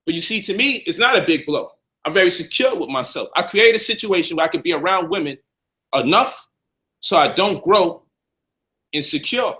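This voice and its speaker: High, bright New man preaching. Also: lively intonation, moderate pace. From Brownsville, Brooklyn, New York. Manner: emphatic and combative, repeats points for stress. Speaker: health and conscious-community speaker. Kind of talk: preachy monologue to camera.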